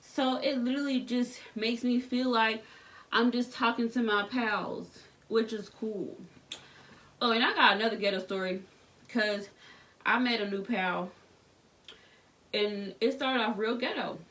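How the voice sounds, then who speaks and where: A pregnant woman in her thirties vlogging casually while tidying her bedroom, telling candid, animated stories full of slang. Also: on the high side, unhurried, long pauses, far from the mic. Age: 30s. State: pregnant, back aching. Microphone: camera set up across the room.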